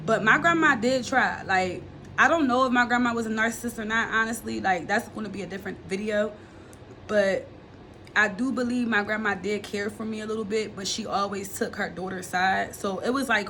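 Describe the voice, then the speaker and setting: A woman's voice: mid-range voice, a bit bright, slight background noise. A young woman telling her own life story to her viewers in a candid, blunt, profane way, speaking straight to them. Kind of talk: candid confessional storytelling to camera.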